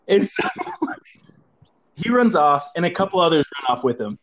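A young man with a higher voice and brisk delivery recounts a story to friends on the phone, with a little noise on the line. He laughs a lot and animatedly performs his friends' lines.

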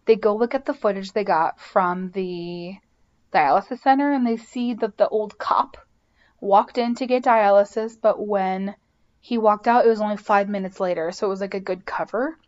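A woman's voice: mid-range voice, moderate pace, darkish tone, highs cut off. A woman hosting a podcast, casually recapping a TV episode, chatty and full of "like" and "um". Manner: chatty, lots of "like" and "um". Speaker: podcast host.

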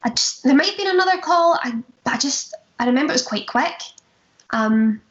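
Glaswegian woman, young adult, fairly high voice, echoey room, chatty storyteller. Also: expressive, brisk, a bit bright. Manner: chatty, laughs often, acts out quotes. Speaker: musical theatre performer, guest. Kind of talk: casual chat, anecdotes. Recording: roomy, dull lo-fi sound.

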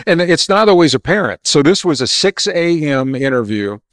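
A man, a geologist guest in an interview, telling anecdotes and explaining ideas in an emphatic, animated way. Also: on the high side, moderate pace, dry recording, clean studio sound. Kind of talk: storytelling interview answers.

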